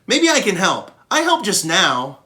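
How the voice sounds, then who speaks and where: A man voicing an eager, determined young female elephant, speaking loudly and insistently. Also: high voice, huge pitch swings, unhurried, pitched above the performer's own voice, full character voice.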